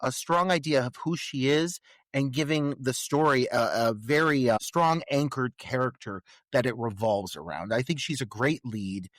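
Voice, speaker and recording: A man's voice: mid-range voice, moderate pace, a bit bright, no echo. A man co-hosting a movie podcast, talking casually and rambling with lots of fillers and restarts. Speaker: podcast co-host. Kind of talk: casual movie review chat.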